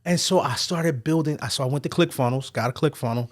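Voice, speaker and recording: A man's voice: medium pitch, fast. A man from Philadelphia with a Philadelphia accent, a barber and entrepreneur telling his story as a guest in a casual interview. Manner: animated storyteller who acts out quoted voices.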